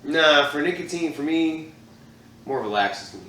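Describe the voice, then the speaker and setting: A man co-hosting a podcast, telling crude stories in animated casual banter. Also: a little high, moderate pace, reverberant, distant mic, slight background noise, poor audio. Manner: crude, animated storytelling, swears a lot. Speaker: podcast co-host.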